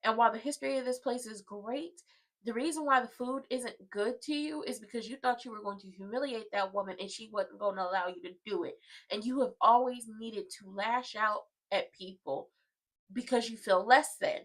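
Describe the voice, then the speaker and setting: A woman's voice: fairly high pitch, normal speed, fairly bright tone, poor audio. A woman hosting a casual soap opera watchalong, recapping scenes with sass and drama. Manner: sassy, dramatic, acts out the characters' lines.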